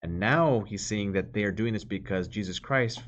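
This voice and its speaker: Low-voiced priest reading and explaining scripture. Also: male voice, moderate pace. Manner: reads scripture aloud, then explains it plainly with fillers. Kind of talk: Bible reading with commentary.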